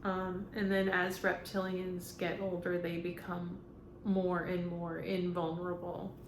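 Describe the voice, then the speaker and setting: A woman medium speaks slowly and haltingly, pausing on ums as she passes along messages in a channeling monologue. Her voice rings in an echoey room with a faint hum underneath. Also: lowish voice, monotone. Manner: halting, full of ums, relays what a spirit says. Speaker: spiritual medium.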